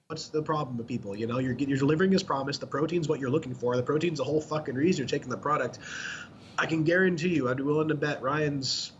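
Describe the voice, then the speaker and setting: A man's voice: fairly high pitch, quick pace. A man co-hosting a podcast, explaining supplement labels in a blunt, profane, casual way. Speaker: podcast co-host, supplement expert. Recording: slightly dull audio with faint ambient noise.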